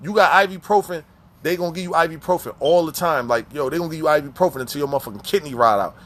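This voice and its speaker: A man casually telling prison stories in heavy profane slang, animated, with frequent restarts and repeats. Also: fairly high pitch, racing. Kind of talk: casual storytelling.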